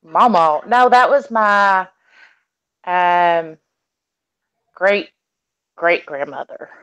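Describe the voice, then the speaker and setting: A woman's voice: lowish voice, expressive, drawn-out words, a bit bright, clean tone, low-quality recording. A woman from Texas with a Texan accent, chatting casually and telling stories with sweet, cutting sass. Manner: sassy storyteller, sweetly cutting. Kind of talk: casual chat.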